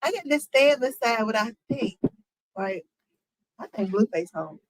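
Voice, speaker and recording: Reacting casually to celebrity news, this woman streams to her chat, addressing viewers directly with rhetorical questions and AAVE phrasing. She sounds a little high and animated at a measured pace. There's no echo, but the audio is poor.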